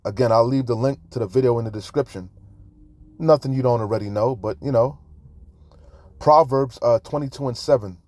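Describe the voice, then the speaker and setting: A man's voice: mid-range voice, a little fast, darkish tone, no echo. A man preaching in a fiery, profane rant, reading scripture aloud between angry comments on debt. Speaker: street preacher commenting on news.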